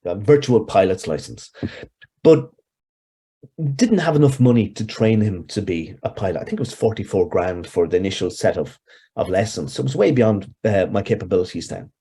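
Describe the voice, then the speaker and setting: Brief: Irish man, 60s, warm husky voice, rambling interview storyteller. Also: on the low side, animated, moderate pace. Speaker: hypnotherapist guest.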